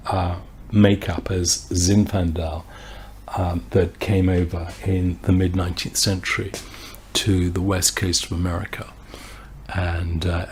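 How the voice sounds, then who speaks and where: A man with a low, slightly mellow voice hosts a wine society tasting, and the recording carries a faint hiss or hum. He tells a story casually, rambling along with plenty of fillers and restarts amid the wine talk.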